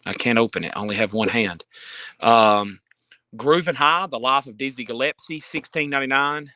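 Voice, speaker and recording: A man's voice: medium pitch, moderate pace, sharp tone, no echo. Chatty man reading out prices. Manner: reads out titles and prices, chatty asides. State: out of breath. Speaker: store seller on a live sale stream. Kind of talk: casual live sales patter. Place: indoor store. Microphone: handheld phone.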